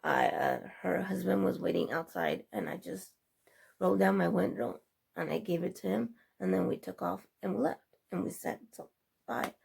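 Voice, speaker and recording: Husky-voiced woman telling a rambling story. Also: fairly low pitch, lively intonation, normal speed, darkish tone. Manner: rambling, chatty retelling with quoted dialogue. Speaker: vlogger. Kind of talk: casual storytelling vlog.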